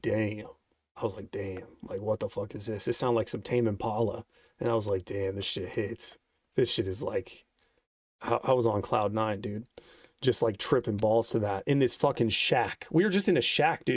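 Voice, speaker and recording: A man's voice: medium pitch, no room sound, studio quality. A young man telling a rambling story in casual vlog style, profane and laid-back, with lots of fillers. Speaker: vlogger.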